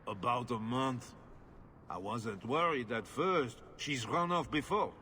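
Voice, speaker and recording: An actor playing a brooding, defensive husband whose wife has run off, grumbling and sighing. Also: male voice, mid-range voice, lively intonation, slow, sharp tone, a little hiss or hum. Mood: bitter.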